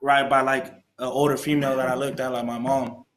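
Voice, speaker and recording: A young man with a medium-pitched voice speaks briskly as an alumni speaker, sharing his recovery with a group. His talk is casual and slangy, streetwise and animated, with acted-out quoted voices, recorded in an echoey meeting room.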